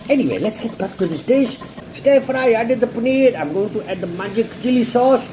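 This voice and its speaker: A man's voice: very high-pitched, expressive, moderate pace, noisy background. A man giving a casual cooking demonstration in a blunt, crude and joking way. He swears constantly and repeats words for emphasis. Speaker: home cook showing a recipe.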